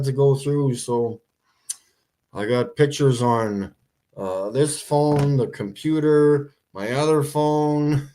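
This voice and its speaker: A man's voice: mid-range voice, a little mellow. A man hosting a casual livestream, rambling and joking, laughing at his own points. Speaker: livestream host.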